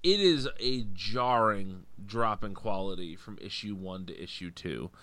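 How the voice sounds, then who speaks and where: A man's voice: fairly low pitch, unhurried, pushed and bright. Wry man recapping a comic on a podcast. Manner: wry, recaps plots by acting out characters' lines. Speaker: podcast co-host. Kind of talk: casual comic book podcast chat.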